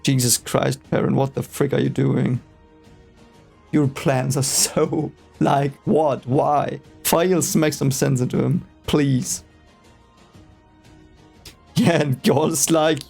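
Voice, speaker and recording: A man's voice: medium pitch, fairly even intonation, slow, vocal fry, long pauses, a little mellow, slightly rough, faint music behind. A man whose first language is German, casually reading a book aloud for the first time and reacting with rambling, hesitant, exasperated asides.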